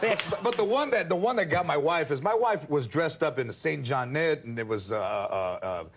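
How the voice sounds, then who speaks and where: A man's voice: fairly high pitch, moderate pace, heavy background noise. A man in his forties with a Chicano English accent, telling comic stories as a guest on a late-night talk show and acting out the voices in them. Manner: animated storyteller acting out quoted voices. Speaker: comedian guest.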